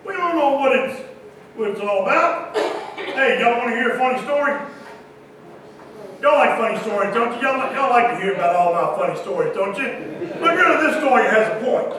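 A man telling a humorous story to a church audience in a folksy, animated way. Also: very high-pitched, a little fast, a little hiss or hum. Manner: folksy, animated, Southern-style "y'all" talk with quoted voices. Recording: echoey hall, distant mic.

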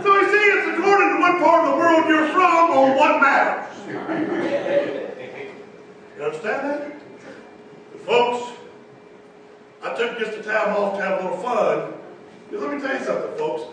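Preacher, man, very high bright voice, folksy and emphatic, roomy distant sound. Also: noisy background. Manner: folksy, emphatic, repeats phrases. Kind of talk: sermon. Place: church meeting room.

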